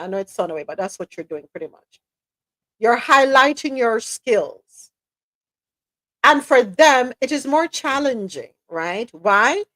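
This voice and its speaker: A woman's voice: on the high side, a bit bright, dry recording. A woman with a Jamaican accent hosting a live talk podcast, giving emphatic, opinionated commentary and slipping into patois now and then. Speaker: podcast host.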